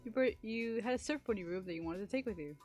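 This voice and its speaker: A woman streamer reads a story game's narration aloud in a mid-range voice, breaking off into chatty, swearing asides. Soft game music plays underneath. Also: mid-range voice, fast talker. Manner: chatty, laughs and swears between lines. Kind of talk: reading a visual novel aloud on a live stream.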